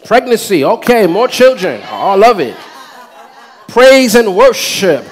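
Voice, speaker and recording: Pastor, male, high voice, preaching with call-and-response and shouted peaks. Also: big pitch swings, measured pace, a faint crowd. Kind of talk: sermon. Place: church.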